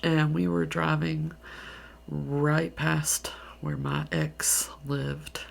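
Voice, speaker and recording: A deep, heavily gravelly woman's voice with a Southern US accent, drifting in and out of a soft half-whisper. She rambles through her story in a tired ASMR style. The tone is husky and breathy throughout. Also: level tone, drawn-out words. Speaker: ASMR creator.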